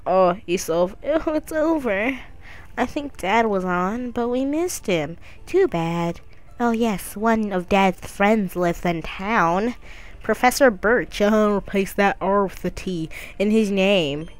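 A woman's voice: medium pitch, slow. Woman gamer, casual let's play chatter, goofy and crude, jokey.

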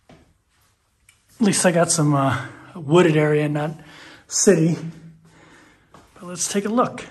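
A man's voice: on the high side, slightly rough. A man casually vlogging on the road, chatting with lots of fillers while he shows his hotel. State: out of breath. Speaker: travel vlogger. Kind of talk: casual travel vlog. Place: hotel and street in Thailand, walking around.

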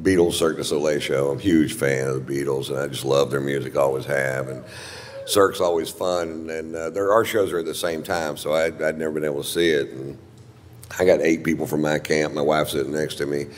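A man performing a stand-up comedy set, telling a crude story in a gruff, deadpan way on a theater stage. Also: rumbling low, fairly quick. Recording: live hall with audience noise.

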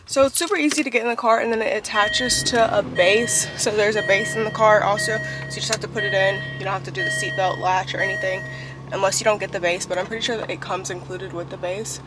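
A woman's voice: medium pitch, fairly even intonation, fast talker, loud music behind the voice. A young woman and mother talking casually in a home vlog, reviewing baby gear with lots of "like" and "um" fillers. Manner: chatty, full of "like" and "um" fillers. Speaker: vlogger and mother of a newborn. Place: at home, moving between rooms and the car. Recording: echoey room with clear background noise.

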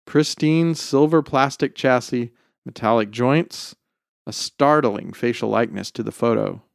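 A man narrating a short story in a measured, expressive storytelling delivery. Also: mid-range voice, vocal fry, no echo, studio quality. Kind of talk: scripted narration.

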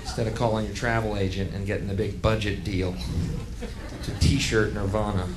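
A man's voice: on the low side, fairly even intonation, a little fast, loud music behind the voice. A man doing live stand-up, ranting in a profane, sardonic way. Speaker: stand-up comedian.

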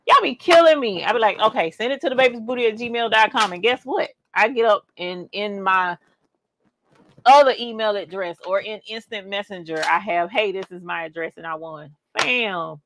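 A woman's voice: mid-range voice, normal speed, fairly bright tone, a little hiss or hum. A woman, chatting playfully as a craft livestream host. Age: 40s. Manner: playful, chatty, exclaims "yas, honey". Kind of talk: casual livestream giveaway chat.

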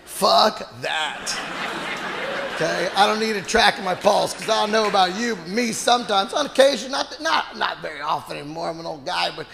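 Loud, profane stand-up comedian. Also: male voice, high voice, animated, moderate pace, vocal fry, big-room sound. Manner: loud, profane, shouting punchlines. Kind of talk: stand-up set. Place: comedy club stage. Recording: live club with crowd laughter and noise.

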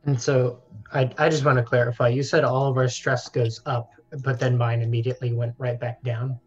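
A man playing a tabletop game, talking hesitantly and filling pauses with "like" and "um". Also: medium pitch, flat delivery, slightly rough, muffled recording. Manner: hesitant, full of "like" and "um". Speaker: player. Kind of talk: casual tabletop game play.

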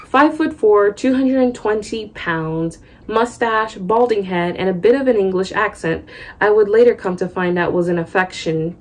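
A young woman reading a memoir aloud at home, breaking off for chatty asides. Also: lowish voice. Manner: chatty, loose asides between read passages. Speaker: book reader and vlogger. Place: home room.

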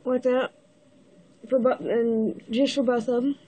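A woman with the hiccups giving a casual step-by-step building tutorial, halting and pausing mid-step to show the pieces. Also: a little high, fairly even intonation, dark tone. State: has the hiccups. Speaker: toy builder giving instructions.

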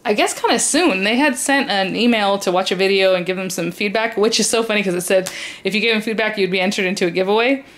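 A woman's voice: medium pitch, fast, a bit bright. A woman chatting casually while unboxing craft supplies, rambling and enthusiastic with lots of fillers. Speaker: crafting YouTuber.

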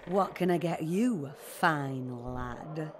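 A woman's voice: low voice, very slow, a little hiss or hum. An actress playing a hard-nosed female brothel keeper in a fantasy game, talking with forced cheer and sarcasm. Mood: friendly.

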